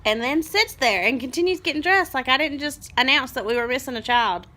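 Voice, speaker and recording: A mother in her thirties telling a story in a rambling, animated vlog and turning aside to her children. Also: sits high, brisk. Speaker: mother vlogger.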